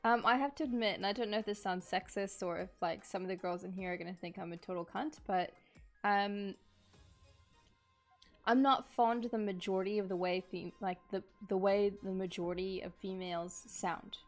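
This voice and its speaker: A woman streamer chatting casually while she sculpts, reading chat aloud, laughing often and apologizing. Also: medium pitch.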